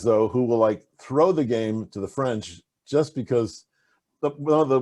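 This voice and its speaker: Husky, animated man telling stories. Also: medium pitch. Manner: animated, rambling storyteller with many fillers and restarts. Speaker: interview guest, game designer. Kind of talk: casual conversational interview.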